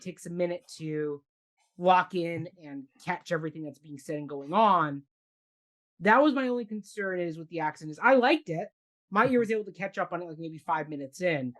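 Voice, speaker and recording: A woman's voice: lowish voice, moderate pace. A woman co-hosting a casual theatre review chat, rambling with many fillers and restarts. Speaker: podcast co-host.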